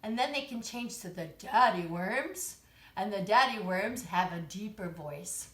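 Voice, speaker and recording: Indoors, a woman leads a live-streamed children's music and movement lesson with chants, cheerful, encouraging and sing-song. Her medium-pitched voice is animated, fairly bright and a little slow, and the recording has a roomy echo.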